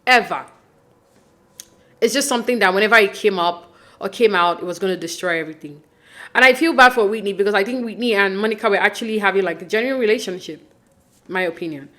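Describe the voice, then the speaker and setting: A woman hosts a casual podcast recapping a reality show, her medium-pitched voice quick, bright and forceful. Chatty and opinionated, she uses lots of fillers and restarts and acts out quoted lines in mock voices.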